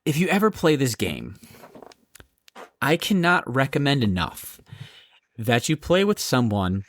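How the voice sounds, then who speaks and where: Lively, profane man telling a story. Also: medium pitch, a little slow, no echo, studio quality. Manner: animated, profane storytelling, laughing often. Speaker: podcast co-host. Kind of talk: casual chat.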